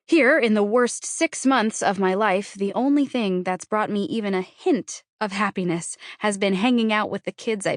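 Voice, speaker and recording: A woman's voice: medium pitch, no room sound, clean studio sound. Wry woman narrating an audiobook. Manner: wry, conversational, self-deprecating. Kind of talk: first-person scripted narration of a novel.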